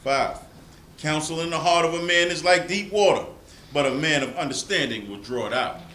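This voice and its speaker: A man reading numbered scripture verses aloud in a measured, formal way during a service. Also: a little high, bright, forceful tone, roomy sound, a little hiss or hum, low-quality recording. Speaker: scripture reader.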